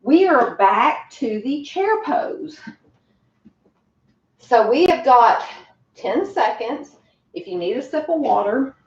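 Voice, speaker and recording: A woman's voice: fairly high pitch, lively intonation, slow, pauses often. A woman leading a home workout class, chatty and encouraging, out of breath. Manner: encouraging, chatty, laughs often. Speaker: fitness instructor. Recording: roomy, distant, dull home recording.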